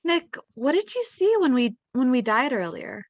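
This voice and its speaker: Lively woman tabletop player. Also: high voice, moderate pace, a little hiss or hum. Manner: playful, lively, narrates her character's actions. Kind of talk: tabletop roleplay chat.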